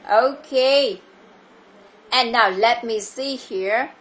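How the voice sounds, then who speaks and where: Slow, patient Vietnamese-accented woman teacher. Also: a little high. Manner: slow, patient, repeats questions. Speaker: English teacher. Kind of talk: online English lesson for a child.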